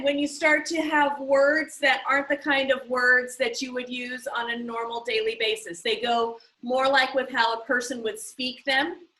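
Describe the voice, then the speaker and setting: A high, bright woman's voice teaching a class, patient and methodical, checking in often with "okay?". She is heard through a computer mic on a video call. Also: rough recording. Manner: patient, explaining step by step with frequent "okay?" and "um". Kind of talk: online class instruction.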